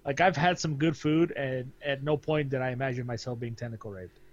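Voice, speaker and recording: A man's voice: medium pitch, fairly quick, lo-fi sound. A man co-hosting a podcast, chatting casually and laughing often. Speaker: podcast co-host. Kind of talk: casual chat.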